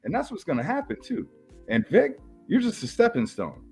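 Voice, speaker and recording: A man's voice: high-pitched, huge pitch swings, normal speed, gravelly, warm tone, breathy edge, soft background music. A man, a wrestler, trash-talking on a podcast in a boastful, slangy, swaggering way.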